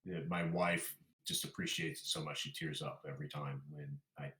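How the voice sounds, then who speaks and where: A man hosting a charity game stream, earnestly and haltingly thanking viewers. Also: very deep voice, steady tone, bright, forceful tone. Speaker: stream host. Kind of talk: casual chat on a charity stream. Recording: roomy echo.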